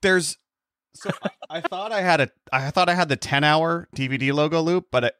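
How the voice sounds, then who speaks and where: A man's voice: fairly high pitch, normal speed, a bit bright, clear, resonant tone, no echo, studio quality. A man co-hosting a podcast in casual chat, talkative and laughing along, sometimes losing his thread. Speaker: podcast co-host.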